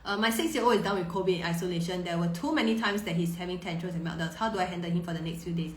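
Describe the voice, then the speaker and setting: A woman in her thirties, a parenting coach answering viewer questions on a live stream, warm and reassuring, often repeating words as she thinks. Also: on the low side, rapid-fire, a little hiss or hum. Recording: roomy echo.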